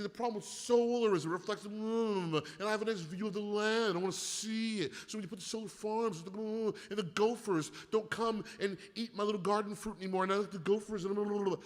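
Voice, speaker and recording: A man talks in a bright, forceful voice that swings widely in pitch as he rambles through crude stories and rants. He swears freely and drifts from joking into heated tirades. The sound carries a long, hall-like reverb. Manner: profane, rambling storyteller who rants loudly. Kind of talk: casual chat.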